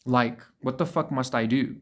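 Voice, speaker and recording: A man delivers a loose, to-camera motivational talk at a mid-range pitch. He is blunt and swears freely, hammering points home by repeating words and calling the listener bro and dude. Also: steady tone, normal speed. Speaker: vlogger. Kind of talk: casual motivational monologue.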